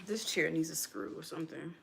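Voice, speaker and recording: A woman with a somewhat low voice chats casually on her live stream. She talks straight to her viewers and calls them y'all. Her delivery is loose and conversational. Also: a little fast, gravelly, noisy background.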